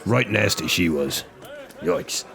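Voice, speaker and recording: A man's voice: sits low, animated, slow, gravelly, a bit bright. A man playing in a tabletop game, wry and dry. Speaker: player. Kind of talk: in-character tabletop play.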